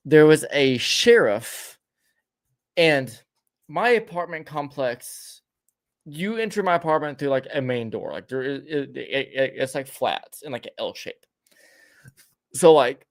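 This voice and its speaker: A man co-hosting a podcast, telling a long story in a casual way, often stumbling, repeating words and restarting. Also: mid-range voice. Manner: laughs between lines. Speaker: podcast co-host.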